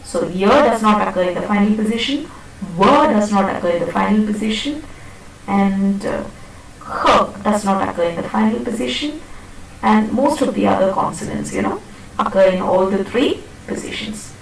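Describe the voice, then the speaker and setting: At medium pitch and normal speed, with some vocal fry, a woman teaches pronunciation in a classroom lecture, patiently repeating and demonstrating words and checking that students follow. A little hiss or hum sits under the echoey, distantly miked recording.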